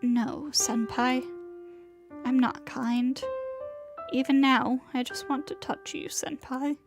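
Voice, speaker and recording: A woman voicing a gentle, calm teenage boy in a visual novel reading, speaking softly and earnestly in her own voice. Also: sits high, slow, music in the background. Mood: tender.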